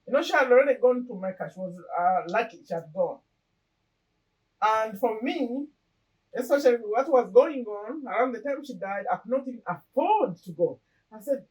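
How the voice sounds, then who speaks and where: A woman's voice: a little high, recorded from a distance, rough recording. Earnest woman vlogger, a bit off-mic. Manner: earnest, repeats and restarts phrases. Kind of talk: casual personal talk to camera.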